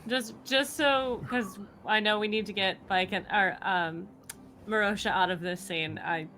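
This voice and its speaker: A woman's voice: medium pitch, unhurried, sharp tone, a little hiss or hum. A woman playing in a tabletop game, mostly giving short, dry replies in casual chat. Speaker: player.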